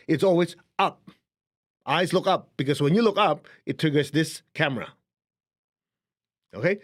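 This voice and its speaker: A man's voice: fairly high pitch, moderate pace, long pauses. A man with a Chinese accent giving a casual, conversational spiritual lesson, chuckling now and then as he explains. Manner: conversational, chuckling, shows a book to camera. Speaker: spiritual teacher. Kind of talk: casual teaching talk to camera.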